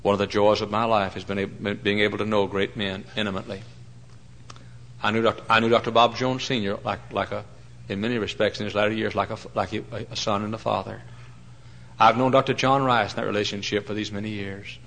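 A middle-aged man preaching a sermon, telling folksy stories and swinging between loud mock-pompous lines and hushed asides. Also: lowish voice, flat delivery, brisk, slight background noise, low-quality recording.

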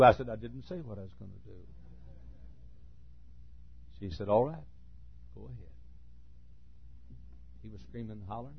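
A man preaching a sermon, folksy and storytelling, dropping to quiet asides and then bursting into shouts. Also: mid-range voice, normal speed, gravelly, pauses often, slightly rough. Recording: dull lo-fi recording.

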